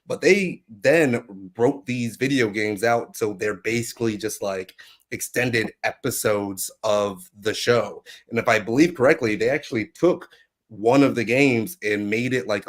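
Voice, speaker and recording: A man chatting on a casual podcast, rambling with many filler words. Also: lowish voice.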